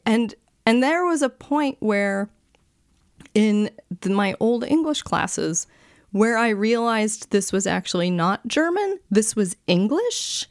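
A woman telling stories in casual chat, lively and acting out the voices she quotes. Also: on the high side, measured pace, no room sound, studio quality.

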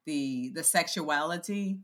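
A woman with a somewhat low voice chats casually as a podcast co-host. She tells stories with a wry edge and often laughs while she talks. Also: slow pace, a bit bright. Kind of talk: casual chat.

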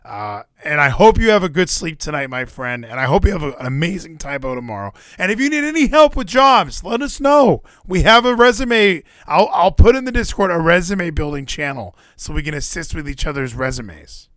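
A man hosting a loose online chat, teasing a friend with mock-inspirational speeches. His voice sits a little high and swings widely in pitch. The sound is dry and close. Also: sing-song, fairly quick, hardly any pauses, a bit bright, no room sound. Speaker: streamer host.

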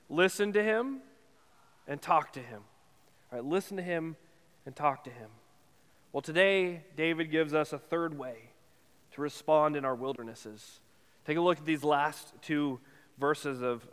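Higher-voiced man preaching in a reverberant church. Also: a bit bright, clean tone. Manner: earnest, repeatedly asks "right?". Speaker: pastor. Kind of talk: sermon.

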